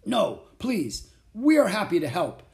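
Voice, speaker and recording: A man voicing a gruff but helpful bearded stranger who speaks formally and courteously. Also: sits high, huge pitch swings, a little slow, darkish tone, voice pushed up, exaggerated voice.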